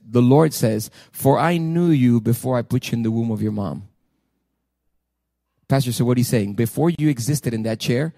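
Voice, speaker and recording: A man preaching a sermon as pastor, emphatic, swinging between loud declarations and hushed asides. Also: mid-range voice, creaky, dry recording, clean studio sound. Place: church sanctuary.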